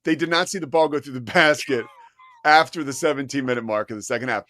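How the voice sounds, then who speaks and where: A man hosting a sports talk show, chatting casually with a co-host and reading live sponsor spots in an animated, rambling way. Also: mid-range voice, fast talker, a little hiss or hum. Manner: animated, rambling, laughs at his own story. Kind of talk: casual talk-radio chat with live ad reads.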